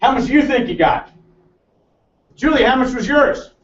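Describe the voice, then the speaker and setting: A brash American man with a high voice, running a seminar and ribbing the audience with questions. He sounds far from the microphone in a roomy meeting room, and the recording is dull. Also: expressive, moderate pace. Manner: brash, joking, quizzes the room. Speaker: seminar presenter. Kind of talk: teasing seminar talk to a live audience.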